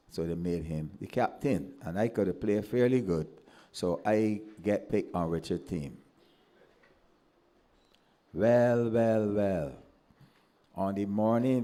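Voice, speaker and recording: Barbadian guy giving a speech, low mellow voice, acting out the stories. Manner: animated storyteller who acts out quoted voices. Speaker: former pupil giving a ceremony speech. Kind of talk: anecdotal public speech.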